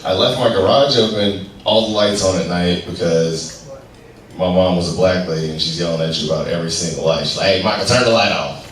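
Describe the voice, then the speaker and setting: A man's voice: sits low, a little fast. A man from Colorado performing a loose stand-up comedy set, acting out characters as he tells stories. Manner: loose, storytelling with acted-out characters. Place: live venue with audience. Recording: roomy, distant live recording, faint noise.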